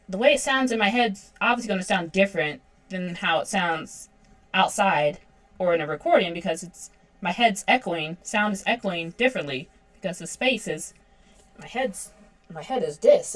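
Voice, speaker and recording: A woman's voice: fairly low pitch, fairly bright tone. A woman in her thirties chatting casually on a livestream while drawing, self-deprecating and laughing often. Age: 30s. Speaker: webcomic artist streaming.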